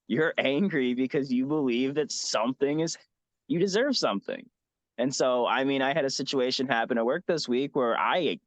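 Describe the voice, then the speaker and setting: A man speaking as a podcast guest, telling a candid personal story in a reflective, halting way with many restarts and fillers. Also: mid-range voice, dry recording.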